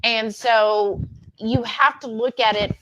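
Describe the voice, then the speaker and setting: A woman's voice: fairly high pitch, fairly even intonation, slow, a bit bright, highs cut off, a little hiss or hum. A woman co-hosting a livestream, chatting candidly in a rambling, self-correcting way. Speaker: livestream co-host. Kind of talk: casual chat.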